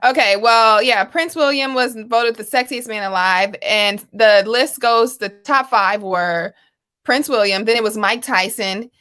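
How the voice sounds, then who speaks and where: A woman co-hosting a casual live talk show, chatty and animated, laughing often as she talks. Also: fairly high pitch, a little slow, clean tone. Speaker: co-host. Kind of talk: casual chat.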